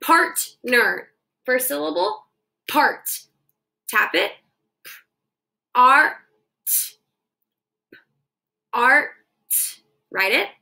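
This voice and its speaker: Slow, bright-voiced woman teaching phonics. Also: sits high, sing-song, creaky, low-quality recording. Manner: slow, deliberate, sounds words out syllable by syllable. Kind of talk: phonics dictation lesson for kids. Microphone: phone.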